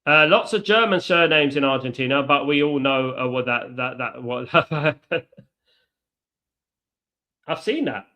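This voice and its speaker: A man hosting a live football watchalong, chatty, reacting to play and giving shout-outs to viewers. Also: mid-range voice, a little slow, long pauses. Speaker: watchalong host.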